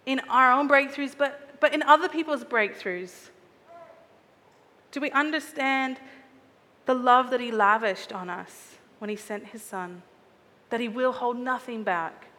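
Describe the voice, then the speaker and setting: A woman's voice: high voice, bright, forceful tone, long reverb tail. A woman preaching a sermon in an earnest, reflective way, often asking her listeners searching questions.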